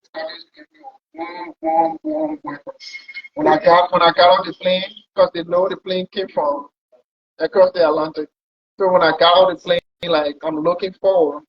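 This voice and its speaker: A man with a high, husky voice tells his travel story in a loose, conversational way, circling back and repeating himself as he goes. The recording is dull and lo-fi, as if heard through a cheap mic. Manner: rambling, repeats words while recounting. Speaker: pilot guest.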